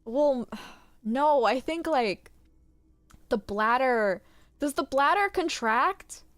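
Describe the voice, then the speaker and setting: High-voiced giggly woman streamer. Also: expressive, slow, fairly bright tone, no echo. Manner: giggly, candid, crude storytelling. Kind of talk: casual gaming stream chat.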